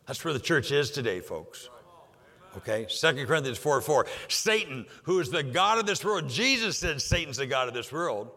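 An older man preaching with a high, bright voice that carries through a reverberant hall. He delivers his sermon emphatically, repeating key phrases, slowing down to stress some lines and dropping others low. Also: very animated. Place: church sanctuary.

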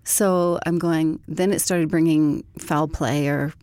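A woman telling a personal story as an interview guest, in a calm and measured way. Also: low voice, no echo.

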